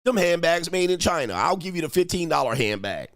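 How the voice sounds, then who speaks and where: A man's voice: on the high side, big pitch swings, a little fast, fairly bright tone, no echo, clean studio sound. A man giving casual relationship-coach commentary on online comments, blunt and profane, mimicking the men he quotes.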